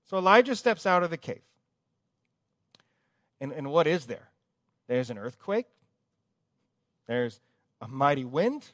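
A man preaching a sermon, repeating words for emphasis and swinging between loud urgent calls and hushed quiet passages. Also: high-pitched, expressive, normal speed, long pauses, no room sound, studio quality. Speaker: pastor.

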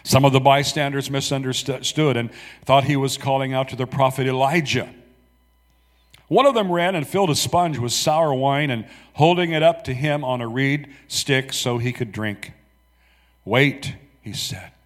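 A man preaching, reading scripture aloud slowly and dramatically, with soft asides to the congregation. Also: medium pitch, big-room sound.

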